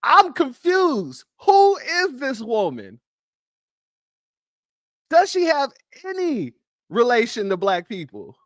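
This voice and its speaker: A man's voice: very high-pitched, wildly swooping pitch, slow, long pauses, fairly bright tone, dry recording, clean studio sound. A man hosting a reaction commentary show, mocking and incredulous as he talks back at clips. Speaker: commentary host.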